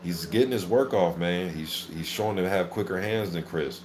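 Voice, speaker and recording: A man hosting a casual live boxing reaction, calling the action play-by-play in an excitable, filler-heavy way. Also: sits low, normal speed, slight background noise. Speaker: boxing channel host. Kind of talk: live fight commentary reaction.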